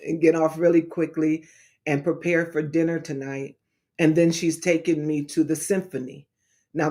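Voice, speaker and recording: A woman's voice: deep voice, warm tone. A middle-aged woman evangelist in a casual livestream talk, speaking in an emphatic, repetitive, preacher-like way.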